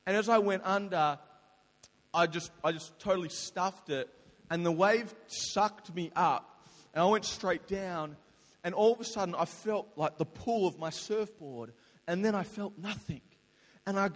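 A young man tells a story to a listening crowd in a lively, slangy way, breaking into loud outbursts. His voice sits high for a man. The sound rings with a long hall reverb. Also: unhurried. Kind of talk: casual storytelling to an audience.

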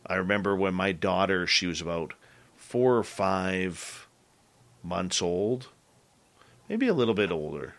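A man with a lowish voice and a forceful, bright edge to it. He hosts a relaxed interview chat, telling personal stories in an earnest, halting way with frequent restarts. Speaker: podcast host.

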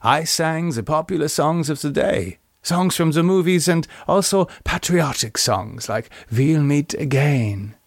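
Play a nostalgic German woman singer in a storybook, recalling her past with quiet longing, as a man reads her lines, with a slightly gravelly texture in a dry, close sound. Let her German accent colour each phrase. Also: a little high, animated, a little slow, hardly any pauses, no echo. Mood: wistful. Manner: wistful, reminiscing storyteller. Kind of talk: audiobook character voice.

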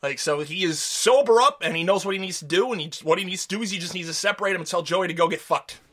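High, bright-voiced man ranting casually. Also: fast talker. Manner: rambling, profane, acts out quotes in silly voices. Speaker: podcast co-host. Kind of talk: casual recap chat.

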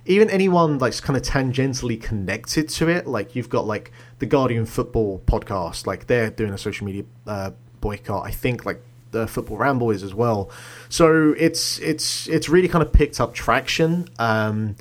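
A man's voice: mid-range voice, moderate pace. Rambling man on a podcast chat. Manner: rambling, heavy on fillers like "like" and "you know". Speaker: podcast co-host. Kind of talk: casual chat.

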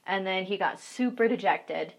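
A woman's voice: medium pitch, moderate pace. A young woman, an online content creator, chatting frankly and casually with lots of fillers as she tells stories. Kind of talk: casual storytelling chat.

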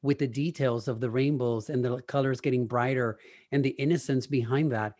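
A man's voice: mid-range voice, steady tone, brisk, darkish tone. A man co-hosting, chatting casually and reflecting in an easygoing way. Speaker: co-host. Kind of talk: casual chat.

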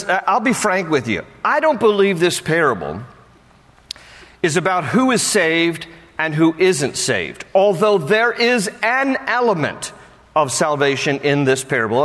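A man preaching a sermon in a loose, chatty manner, slipping jokes and asides in between the teaching. His voice sits a little higher than most men's, and it rings out with a long reverb, as if he is speaking in a big hall. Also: a bit bright. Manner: conversational and joking, with playful asides. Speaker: pastor.

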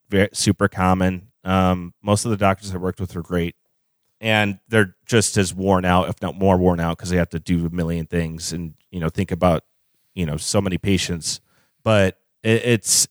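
A man's voice: sits low, no room sound, clean studio sound. A young adult man, a nurse being interviewed, talking frankly with frequent ums and casual swearing. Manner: frank, swears freely, measured pace with filler ums. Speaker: nurse guest.

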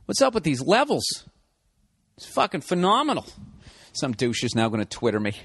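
A man's voice: a little high, huge pitch swings, moderate pace, fairly bright tone, husky. A man hosting a solo podcast, brash and profane, mocking imagined critics. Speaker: podcast host.

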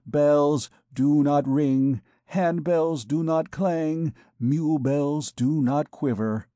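A man's voice: on the high side, slow pace, dark tone, no room sound. A bewildered young poet, as a male reader acts him out, pleading and protesting in a raised, anxious voice. This storybook reading is close and dry.

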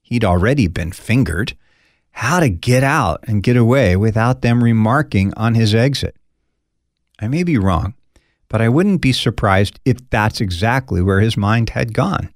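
A male pastor works through a Bible passage conversationally and expressively, acting out the quoted lines and adding folksy asides. His fairly low voice is unhurried, and the studio-quality recording has no echo.

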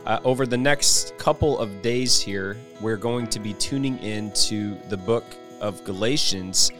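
A man opens his show with a scripted, upbeat welcome and sounds glad to have his listeners back. His voice sits on the low side. Guitar music plays clearly underneath him. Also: a little slow. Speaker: host. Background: plucked guitar music.

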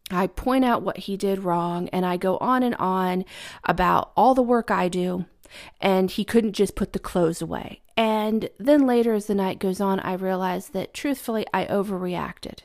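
A woman's voice: medium pitch, normal speed, darkish tone. A woman talking casually and earnestly as a parent, giving reflective advice about apologizing.

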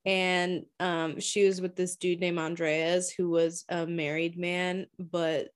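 A woman's voice: on the low side, flat delivery, slow pace, clean tone. A woman casually summarizing a book's plot, blunt and swearing freely. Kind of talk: casual book recap chat.

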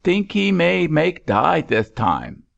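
A man voicing a grinning, cheeky ship's sailor who talks in clipped broken pidgin, pitched well above his own voice. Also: big pitch swings, slow pace, gravelly, fairly bright tone, highs cut off, heavily acted.

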